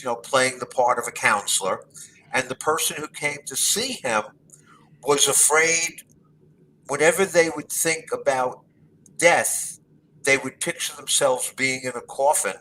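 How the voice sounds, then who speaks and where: Bright-voiced man retelling a comedy bit. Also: medium pitch, a little hiss or hum, rough recording. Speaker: panelist. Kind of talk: anecdotal webinar discussion.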